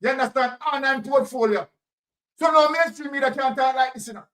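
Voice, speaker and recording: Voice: high voice, a little fast, a bit bright, recorded from a distance, poor audio. A political commentator with a Jamaican accent, talking emphatically and repeating phrases in Jamaican Patois. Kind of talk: impassioned commentary.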